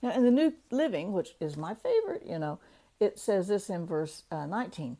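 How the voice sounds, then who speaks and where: A woman giving a casual devotional talk, chatty, laughing often and slowing down to read verses. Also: medium pitch, sing-song, dark tone. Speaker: devotional speaker.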